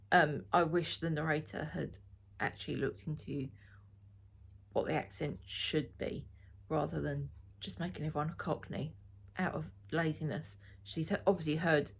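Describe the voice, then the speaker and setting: Husky and deep with vocal fry, this middle-aged Essex woman talks casually to camera about knitting, rambling and speaking her mind as a vlogger from England.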